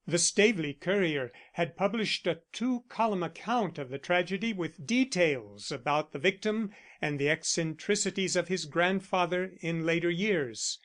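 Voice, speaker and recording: High-voiced male audiobook narrator. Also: a bit bright. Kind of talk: scripted narration.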